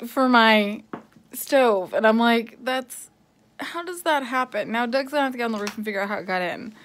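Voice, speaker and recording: A woman in her thirties talks into her phone in a flustered, excitable rush, full of restarts and fillers. Her voice sits a little high for a woman. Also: fairly quick. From California. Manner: flustered and excitable, bursts into screams. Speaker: vlogger. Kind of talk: casual phone vlog. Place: home kitchen, then at an open sliding door.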